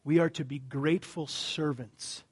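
A male pastor giving an earnest, conversational sermon, dropping his voice low for emphasis. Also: steady tone, a little slow, breathy edge.

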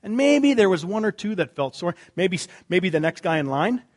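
A man preaching a sermon in a conversational way, asking rhetorical questions and dropping to quiet emphasis on key words. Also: high voice, fairly quick. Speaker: pastor.

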